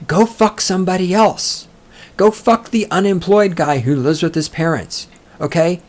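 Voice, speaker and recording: A man's voice: high voice, normal speed. A man hosting a solo book-discussion podcast, reading passages aloud and mocking them in a sarcastic, profane rant. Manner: reads passages aloud, then mocks them. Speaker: podcast host.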